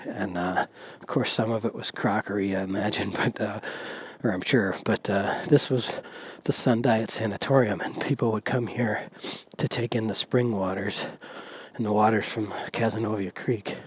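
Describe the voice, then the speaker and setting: Soft-spoken man rambling on a walk. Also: fairly low pitch, steady tone, normal speed, husky, dry recording. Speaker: podcast host. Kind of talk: casual walking monologue. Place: outdoors walking village streets. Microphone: handheld recorder. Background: faint traffic and wind.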